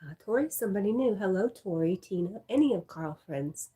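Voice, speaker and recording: Breathy woman chatting on a livestream. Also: mid-range voice, lively intonation, a little fast, mellow. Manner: reads out viewer comments, friendly and chatty. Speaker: livestream host reading chat. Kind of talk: casual chat.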